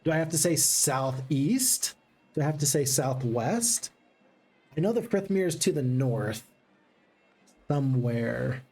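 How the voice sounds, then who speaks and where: A man streaming a strategy game, chatting excitedly to his viewers. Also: a little high. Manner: excitable, chatty, talks to chat. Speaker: gaming streamer. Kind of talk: live game commentary.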